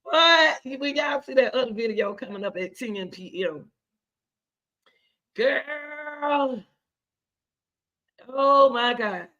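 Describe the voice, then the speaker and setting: A woman hosting casual reaction commentary, excitable and chatty, repeating herself often. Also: high-pitched, takes it slowly, long pauses, muffled recording. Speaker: commentary host.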